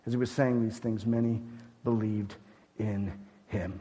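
A man preaching a sermon as pastor, urgent and emphatic one moment and hushed and grave the next. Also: on the low side, little pitch movement, a little slow, long pauses. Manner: emphatic preaching, swinging between loud urgency and hushed gravity. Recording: long hall reverb.

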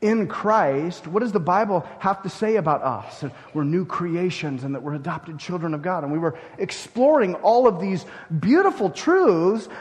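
A man delivers a sermon from the pulpit, his pitch sitting high for a man. He is emphatic, rising to loud declarations and dropping to hushed phrases. His voice carries a long reverb, as in a large church. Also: expressive, moderate pace. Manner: emphatic, with wide swings between loud and hushed. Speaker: pastor.

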